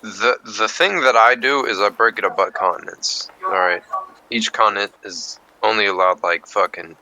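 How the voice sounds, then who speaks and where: Deep, sharp-toned man, laid-back and swearing. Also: normal speed, a little hiss or hum, rough recording. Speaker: player. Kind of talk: casual group chat.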